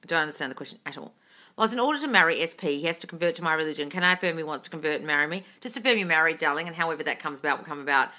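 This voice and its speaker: Woman coach, slight British lilt, blunt and profane, low voice, bright edge. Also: expressive, racing. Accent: slight British intonation. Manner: blunt and sweary, reads chat questions aloud. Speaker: manifesting coach answering live chat questions. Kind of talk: casual live Q&A.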